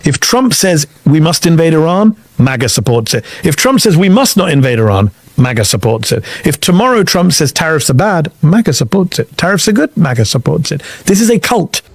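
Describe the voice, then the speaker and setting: Higher-voiced man with a mocking, repetitive delivery; dead-dry sound. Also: very animated, fairly quick, dry recording.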